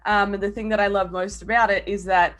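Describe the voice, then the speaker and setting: A woman player excitedly introducing her character, with frequent ums. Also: mid-range voice, fairly quick, muffled recording.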